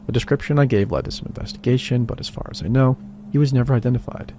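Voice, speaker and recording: A man reading a first-person horror story as scripted narration, in a quiet, even way. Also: medium pitch, fast, a little hiss or hum. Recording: voice-over with faint music beneath.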